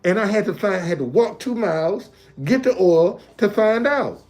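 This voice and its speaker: Streaming live from a hotel, a man chats casually and keeps repeating himself, restating points in a loose conversational way. His voice sits high yet has a darkish tone, animated at a normal speed, with faint music in the background.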